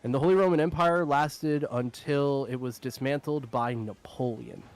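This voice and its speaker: A man's voice: mid-range voice, normal speed, faint music behind. A young adult man hosting a stream, talking in a loose, rambling way with lots of filler and frequent laughs. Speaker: streamer host. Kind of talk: casual chat.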